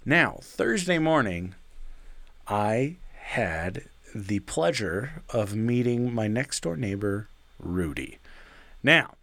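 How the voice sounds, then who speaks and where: A man's voice: on the low side, big pitch swings, slow pace, a bit bright, no room sound. A young man on a podcast telling a story in a casual, rambling way, full of fillers and swearing.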